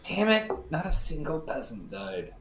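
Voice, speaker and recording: A man playing a strategy game with friends, making quick dry quips. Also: on the high side, very animated, fairly bright tone, roomy sound, a little hiss or hum. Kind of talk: casual gaming chat.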